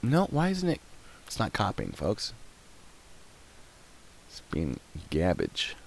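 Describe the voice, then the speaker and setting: A young man giving casual live-stream commentary, chatty and quick to laugh, often trailing off while he clicks around. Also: lowish voice, huge pitch swings, vocal fry, a little hiss or hum. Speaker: streamer reacting to videos and chat.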